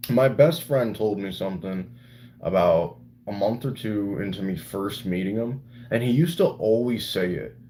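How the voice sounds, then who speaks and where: Young guy on a livestream, kinda low voice, just rambling and cussing with chat. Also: dark tone, a little hiss or hum. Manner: loose and rambling, swears freely. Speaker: live streamer. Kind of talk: casual livestream chat with viewers.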